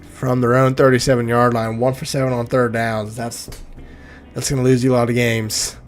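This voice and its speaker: A man's voice: mid-range voice, little pitch movement, moderate pace, faint music behind. A young man from Oklahoma doing joking play-by-play commentary on a video game football league, often laughing and stumbling over names.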